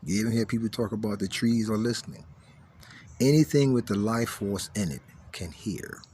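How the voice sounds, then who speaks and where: Low-voiced emphatic male spiritual teacher. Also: normal speed, a little hiss or hum. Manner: emphatic, repeats key phrases, drops to hushed tones then rises forcefully.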